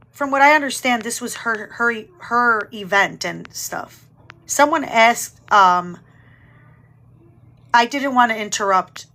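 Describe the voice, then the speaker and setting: A woman's voice: medium pitch, bright, forceful tone. A woman hosting a live stream, who cuts in with emphatic, indignant comments.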